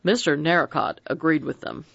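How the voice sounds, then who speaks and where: A narrator reading a mystery novel aloud in an expressive, dramatic audiobook style. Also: mid-range voice, normal speed, gravelly, husky, no echo. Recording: dry dull lo-fi recording.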